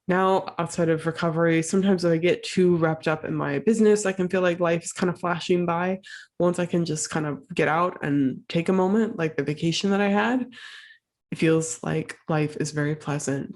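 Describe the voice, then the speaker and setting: A woman with a deep, darkish voice hosts her own podcast alone. She's sick and a bit breathless, yet talks casually and encouragingly, using lots of fillers.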